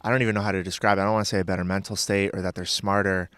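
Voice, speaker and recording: A man's voice: sits low, flat delivery, very fast, fairly bright tone, smooth, dry recording. A man chatting casually as a podcast guest, rambling and hesitant with lots of filler words.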